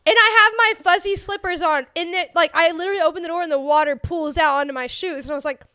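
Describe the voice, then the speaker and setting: Speaking a little fast in an extremely high pitch, a young woman co-hosting a podcast shares stories over relaxed chat. She giggles constantly and tells her tales with lively animation.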